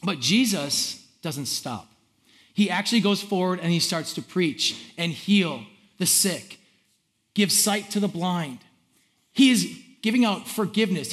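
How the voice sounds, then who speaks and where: A man preaching a sermon as pastor, conversational and animated, reading scripture aloud and acting out how the crowd reacted. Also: high-pitched.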